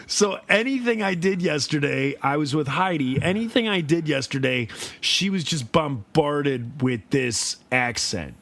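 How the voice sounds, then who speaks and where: A man's voice: a little high, lively intonation, a little slow, vocal fry, few pauses, fairly bright tone. A man co-hosting a comedy podcast, joking around in casual chat. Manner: joking, slips into silly put-on voices. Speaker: podcast co-host.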